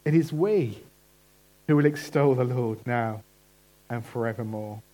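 A man with a medium-pitched, dark voice preaches a sermon in a church. He is earnest and emphatic, slowing down to stress key phrases.

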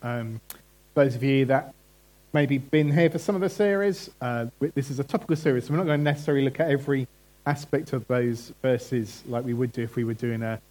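A man's voice: mid-range voice, a little fast, darkish tone, rough recording. A man preaching a conversational sermon and putting questions to the congregation. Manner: chatty, asks the congregation questions.

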